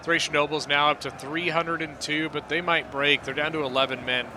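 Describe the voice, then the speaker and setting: A man giving relaxed, rambling play-by-play commentary on a strategy game battle, often correcting himself mid-sentence. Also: on the high side, fairly quick, a little hiss or hum. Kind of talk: casual gameplay commentary.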